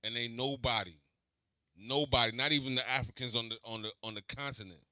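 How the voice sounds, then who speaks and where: Slangy man doing reaction commentary, super bright voice, dry close sound. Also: medium pitch, moderate pace, pauses often, dry recording. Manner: animated, slangy, repeats himself, talks back to the clip. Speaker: host reacting to an interview clip.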